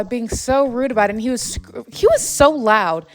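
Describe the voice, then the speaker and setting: A woman's voice: on the high side, animated, normal speed, soft background music. A young woman vlogger telling a story in a long, exasperated, rambling rant full of fillers while she plays a game. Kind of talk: casual late-night gaming rant. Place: home, at night.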